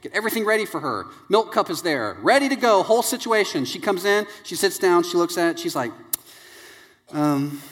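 Animated male pastor in an echoing hall. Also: high-pitched, a little fast. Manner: animated storyteller acting out family voices. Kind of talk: sermon with anecdotes. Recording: long hall reverb.

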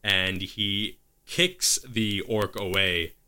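A man's voice: on the low side, very slow, pushed and bright, clean tone. A man narrating as game master of a tabletop game, improvising the action and stopping to correct himself.

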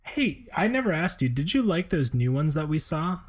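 A man co-hosting a podcast in casual chat, easygoing and quick to laugh and tease. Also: on the high side, sing-song. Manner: easygoing, giggly, teasing. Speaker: podcast co-host.

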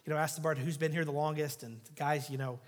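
A man preaching a sermon as a guest pastor, telling stories with humor and swinging between loud and hushed delivery. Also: fairly high pitch, very fast, big-room sound. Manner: animated storytelling with jokes, swinging from loud to hushed.

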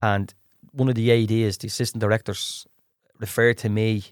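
A low-pitched, middle-aged man with a Dublin accent tells lively stories in a podcast interview. He talks in animated bursts, often restarting and repeating his words. The recording is close and dry. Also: moderate pace, no echo. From Ireland. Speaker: guest actor. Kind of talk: casual storytelling in a podcast interview.

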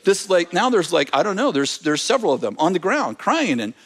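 Man, preacher, testimony story, animated telling, frequent restarts and fillers, slightly raised pitch. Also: brisk.

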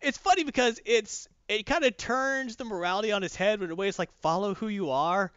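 A man's voice: sits high, a little fast, a bit bright, smooth, no echo. A man hosting a casual comic review chat, retelling a story animatedly and acting out the voices, in a dull lo-fi recording. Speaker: podcast co-host reviewing comics.

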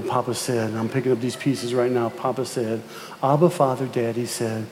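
A man's voice: mid-range voice, brisk, mellow, slight background noise. Preaching man in a reverberant church. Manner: storytelling, repeats words, builds to emphatic rising exhortation. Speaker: pastor. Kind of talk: sermon. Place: church sanctuary. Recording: long reverb of a church hall.

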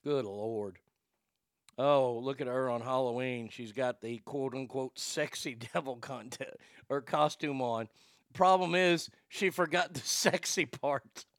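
A man's voice: mid-range voice, unhurried, fairly bright tone, dry recording, clean studio sound. A male radio host giving blunt, vulgar, mocking comedic commentary.

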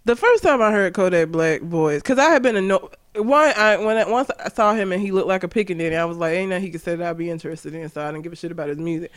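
A man's voice: high-pitched, expressive, quick pace, hardly any pauses, fairly bright tone. A man co-hosting a casual podcast, ranting bluntly with strong opinions. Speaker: podcast co-host. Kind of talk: casual chat.

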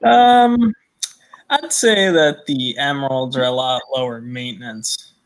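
A man's voice: medium pitch, slow. Rambling man in casual chat. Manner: rambling, filled with "you know" and "uh". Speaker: podcast guest, snake keeper.

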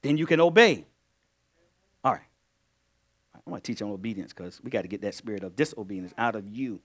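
A male pastor preaching a sermon in a call-and-response style, loud bursts one moment and low asides the next. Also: lively intonation, brisk.

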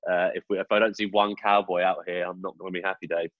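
A British man co-hosting a podcast, chatting casually in an animated, rambling and self-mocking way. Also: low-pitched, quick pace, dry recording. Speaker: podcast co-host. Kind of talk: casual chat. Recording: dull lo-fi sound.

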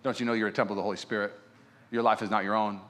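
A man preaching a sermon as pastor, fervent and passionate, moving between loud preaching and quiet prayer. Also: lowish voice, little pitch movement, rapid-fire.

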